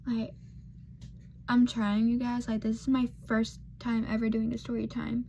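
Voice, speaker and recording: A woman's voice: a little high, monotone, measured pace, vocal fry, warm tone, slight background noise. An eighteen-year-old woman telling a personal story in a casual, rambling way, full of fillers and self-deprecating remarks, with murmured asides. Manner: murmured asides while doing makeup.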